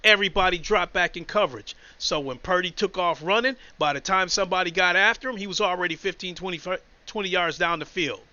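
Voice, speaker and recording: Man with a high, bright voice, blunt casual sports rant, muffled and dry. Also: a little fast, hardly any pauses, no room sound. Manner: blunt, profane, emotional storytelling. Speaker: sports commentator.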